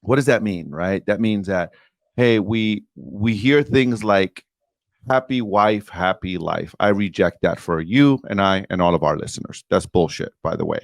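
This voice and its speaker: A man's voice: deep voice, normal speed, gravelly, no echo. A man in his forties, a podcast guest, telling a personal story in an earnest, emphatic way and speaking directly to the host. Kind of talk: candid storytelling interview.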